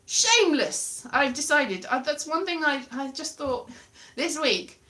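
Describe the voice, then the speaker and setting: A woman's voice: sits high, a little slow, sharp tone. A young woman comedian rambling in a self-mocking comic monologue from a very small room at home. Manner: chatty, self-mocking, drifts off topic. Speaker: comedian vlogger.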